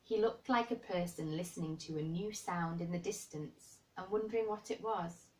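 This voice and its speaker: A woman reading a children's novel aloud in a gentle storybook manner. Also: on the low side, moderate pace, distant mic, low-quality recording.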